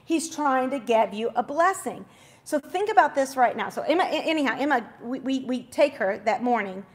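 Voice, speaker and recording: A woman in her forties hosting a faith talk show, telling a story in a chatty, casual devotional style with quick asides. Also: high voice, animated.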